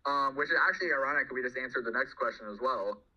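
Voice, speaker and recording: A man's voice: medium pitch, fast, bright, forceful tone, dull audio. Rambling young man hosting a Q&A. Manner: rambling, self-correcting, laughs often. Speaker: game developer host. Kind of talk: casual developer Q&A.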